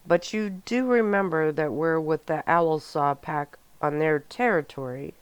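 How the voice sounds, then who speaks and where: A calm, protective young werewolf man, as a woman reads him in a soft-spoken ASMR storybook, low-pitched and unhurried. His lines are smooth and close in a dry space. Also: no room sound. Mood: concerned. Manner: calm, caring, quietly serious.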